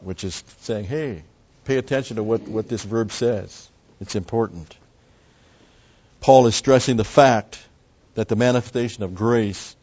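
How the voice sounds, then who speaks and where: A man's voice: on the low side, darkish tone. A man preaching a methodical Bible teaching, explaining Greek words and repeating key terms. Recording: dull lo-fi recording.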